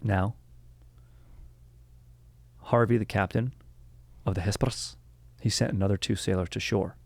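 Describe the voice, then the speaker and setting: Rambling, gravelly podcast guy. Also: on the low side, steady tone, a little slow, no room sound. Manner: rambling, joking, self-interrupting. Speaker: podcast host. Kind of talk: casual history podcast chat.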